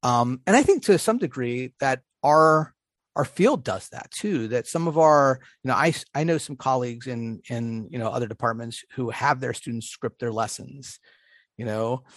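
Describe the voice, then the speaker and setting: A man's voice: medium pitch, normal speed, no room sound. Man, podcast co-host, casual rambling chat, self-interrupting, dry close sound.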